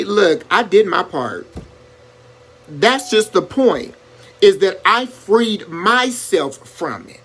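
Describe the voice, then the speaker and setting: A man with a fairly high voice and a lively, swooping pitch hosts a casual live stream. He talks in a preacherly, animated way and calls out viewers by name as he gives them advice. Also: slow pace, breathy edge.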